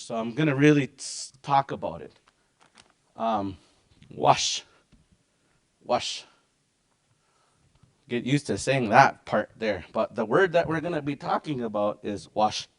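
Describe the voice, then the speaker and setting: A middle-aged man leads a casual language lesson. He keeps his pitch at an ordinary middle height and drills each word slowly, over and over. Between the drills he chats loosely with the class. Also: animated. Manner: repeats words slowly for practice, chatty asides. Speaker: language teacher.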